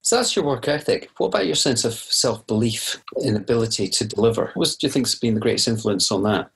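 A man's voice: mid-range voice, lively intonation, fairly quick, vocal fry, a bit bright, slightly rough. A man interviewing a guest, asking brief, prompting questions.

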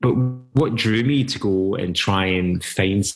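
Deep-voiced Scottish man telling stories. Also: unhurried, faint music behind, low-quality recording. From Scotland. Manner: rambling, with many restarts. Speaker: journalist guest. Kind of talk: casual storytelling in conversation.

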